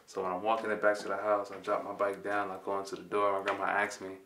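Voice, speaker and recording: A man's voice: deep voice, little pitch movement, fast talker, pushed and bright, a little hiss or hum. A man in his twenties from Compton, California, telling a personal story in a laid-back, slangy way and acting out the dialogue. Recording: roomy, mic at a distance.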